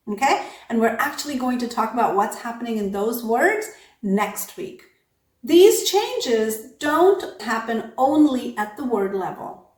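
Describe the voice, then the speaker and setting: A woman teaching English pronunciation, patiently explaining sound rules, saying example words slowly and often checking in with "okay?". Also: fairly high pitch, echoey room. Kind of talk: pronunciation lesson.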